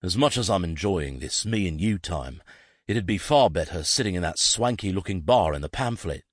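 A man's voice: deep voice, expressive, normal speed, no echo, clean studio sound. A man voicing a confident, wry male detective who reassures his nervous friend. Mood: reassuring.

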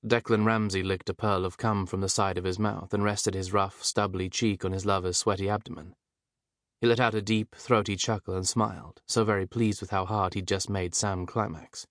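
In clean studio audio with no room sound, a deep-voiced man narrates an audiobook. His delivery is even and measured, like a storyteller's.

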